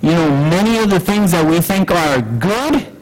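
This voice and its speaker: A man preaching a sermon in an unhurried way, with many fillers and rhetorical questions. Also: high voice, expressive, poor audio.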